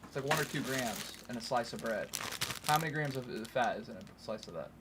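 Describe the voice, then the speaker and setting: A man's voice: medium pitch, expressive, a little fast, background noise. Playful teasing man reading chat. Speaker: livestream co-host. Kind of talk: casual livestream chat.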